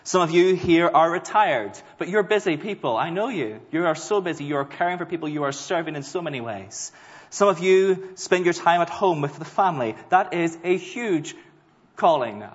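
A man preaching a sermon to a congregation, earnest and emphatic, leaning on slow stressed words. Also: on the high side, lively intonation. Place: church hall. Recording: dull sound with long hall reverb.

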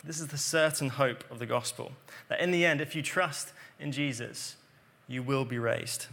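Bright-voiced male preacher. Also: medium pitch, moderate pace, creaky. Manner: earnest, explanatory, drops to quiet emphasis. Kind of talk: sermon.

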